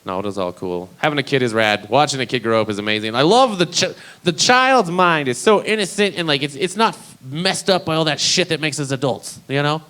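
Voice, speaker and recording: A man's voice: on the high side, expressive, a little fast, hardly any pauses, fairly bright tone, low-quality recording. A man doing a stand-up comedy set, talking in a rambling, profane, conversational way.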